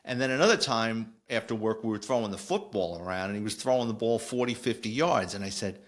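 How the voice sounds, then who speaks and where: A man's voice: expressive, fairly quick. A man in his fifties, a retired police detective, telling rambling stories on a podcast and acting out quoted dialogue. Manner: rambling anecdotal storytelling, acts out quoted dialogue with pitch jumps. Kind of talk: casual storytelling.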